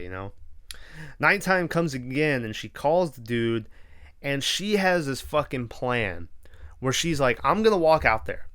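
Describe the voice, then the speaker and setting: A man's voice: mid-range voice, a bit bright, no echo, clean studio sound. A man hosting a podcast, casually retelling a horror film with lots of swearing and quoted reactions. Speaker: podcast host. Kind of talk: casual movie recap.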